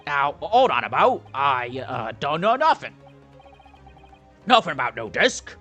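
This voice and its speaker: A man's voice: fairly high pitch, very animated, measured pace, bright, forceful tone, faint music behind, full character voice. A man voicing a shifty male Cockney street thug in a game let's play, with a put-on Cockney accent and an evasive, blustering manner. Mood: defensive.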